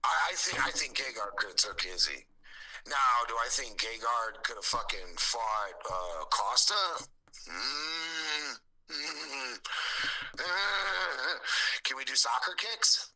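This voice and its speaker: A man's voice: mid-range voice, animated, slow pace, bright, forceful tone, poor audio. A man co-hosting a fight stream, swearing freely and repeating himself as he argues his opinions. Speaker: co-host of a fight watch-along stream. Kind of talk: casual live stream chat.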